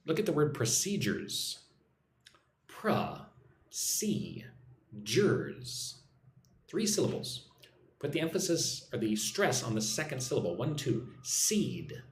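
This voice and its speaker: An American man teaches business English on a live stream from a room in Vietnam, reading viewer messages aloud and tacking "right?" onto phrases. His voice is on the high side with big pitch swings and a moderate pace, sounding reverberant over slight background noise.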